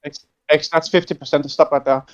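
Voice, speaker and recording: A man's voice: on the high side, steady tone, fast talker, far from the mic. Challenging man, off-mic, dull muffled audio. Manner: challenging, interrupting. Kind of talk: heated online debate.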